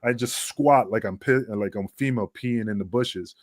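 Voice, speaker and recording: A man's voice: fairly low pitch, moderate pace, dry recording, studio quality. A middle-aged man, a wrestling guest, telling a story in casual chat, acting out quotes and swearing freely.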